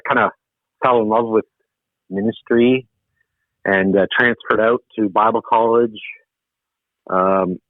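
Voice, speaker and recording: A man's voice: lowish voice, dry recording. A man from Ontario, a podcast guest telling his own story casually and animatedly, laughing at himself. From Canada (Ontario). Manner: animated, laughing, self-deprecating. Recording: tinny dry phone line.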